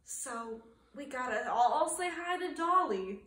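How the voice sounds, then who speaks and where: Slow, high-voiced preschool teacher reading. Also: female voice, reverberant, recorded from a distance. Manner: animated, expressive storytelling. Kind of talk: reading a storybook aloud to children.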